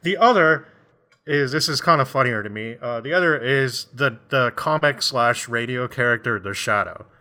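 Man with a bright, mid-pitched voice, chatty and rambling, laughs easily. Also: normal speed. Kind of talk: casual chat.

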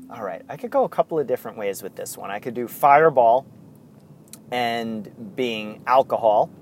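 A middle-aged man, co-hosting a casual podcast and telling rambling stories in excited bursts. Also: medium pitch, normal speed, long pauses, a little hiss or hum. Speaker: podcast co-host. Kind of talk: casual chat.

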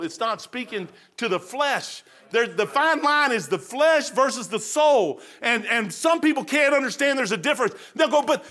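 High, bright-voiced rambling preacher. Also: male voice. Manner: rambling, storytelling, laughs at own stories. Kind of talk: folksy sermon.

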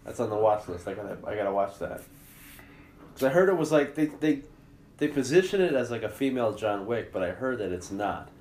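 A man's voice: fairly low pitch, expressive, brisk, darkish tone, reverberant, a little hiss or hum. A man co-hosting a podcast, chatting casually in a loose, profane, rambling way with lots of fillers. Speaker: podcast co-host. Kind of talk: casual chat.

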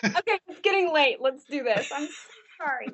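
A woman's voice: sits high, animated, moderate pace, a bit bright. A woman who acts in a web series, giggling and apologizing through retakes of a short promo. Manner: giggly, apologetic, uses "y'all". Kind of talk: casual chat with retakes.

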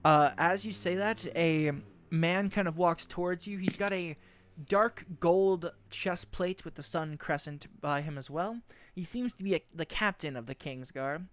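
A man's voice: sits high, unhurried, a bit bright, clear, resonant tone. A man narrating a tabletop game as game master in a casual style, with frequent fillers.

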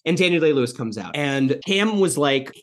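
A man's voice: on the high side, normal speed. A man co-hosting a podcast, talking casually about a film, rambling with lots of fillers and swearing. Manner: rambling, animated, swears a lot, many fillers. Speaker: podcast co-host. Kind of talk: casual movie discussion.

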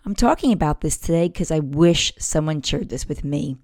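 A woman's voice: low voice, animated, normal speed, a little mellow, dry recording, studio quality. A woman in her forties hosting a parenting podcast, telling a personal story candidly in a casual, heartfelt monologue. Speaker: podcast host.

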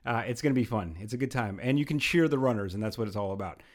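A man from Pennsylvania hosting a podcast in casual chat, animated and quick to rant and laugh. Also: medium pitch. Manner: animated, ranting, laughs often. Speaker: podcast host. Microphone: headphones on, video call.

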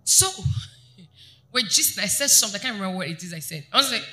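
A woman pastor preaching a sermon to her congregation, animated and often asking them questions. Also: fairly low pitch, quick pace. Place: church.

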